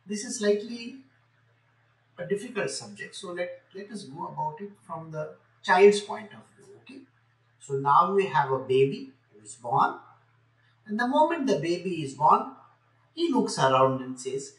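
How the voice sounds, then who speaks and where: A man's voice: sits high, very animated, moderate pace, recorded from a distance. A man explaining scripture to a live audience in a chatty way, often asking them questions. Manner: conversational, asks the audience questions, light jokes. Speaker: spiritual teacher. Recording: echoey room, speaker off-mic.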